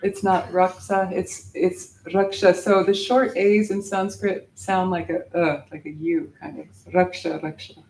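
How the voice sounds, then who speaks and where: Slow-spoken woman teaching mantra chants. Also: lowish voice, fairly even intonation, a little mellow, roomy sound, slight background noise, rough recording. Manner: patient, demonstrates sounds, chants syllables slowly. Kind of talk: teaching mantra pronunciation and guided meditation.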